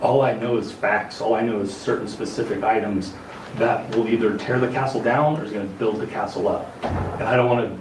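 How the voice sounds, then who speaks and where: A man calmly explaining on a reality show, measured and hesitant with frequent restarts. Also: lowish voice. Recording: roomy distant clip with noisy background.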